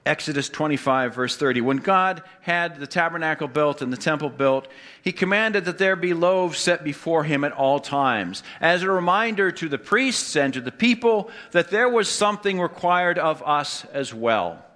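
Man, pastor, sermon, bright voice, slightly high pitch, asks the congregation questions, wry humor. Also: lively intonation, normal speed.

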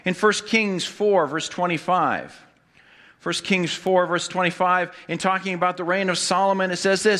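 A male pastor delivers a sermon in a bright, slightly high voice. He quizzes the congregation with questions and slips in wry jokes as he preaches. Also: moderate pace.

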